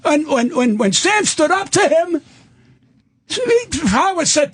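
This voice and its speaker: An older man, a guest comedian, delivering a loud, emphatic, profane comic rant into a studio microphone. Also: very high-pitched, very animated, slow pace, no echo.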